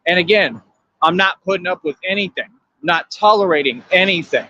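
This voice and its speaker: Man ranting at viewers, confrontational, repetitive, slightly high voice, dry, dull lo-fi sound. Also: normal speed, pushed and bright. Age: adult. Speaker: livestream host. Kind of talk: livestream rant.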